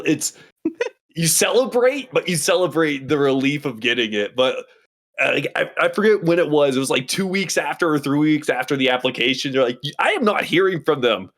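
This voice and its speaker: A man in a casual chat, talking in a lively, self-mocking way and laughing often. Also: on the high side.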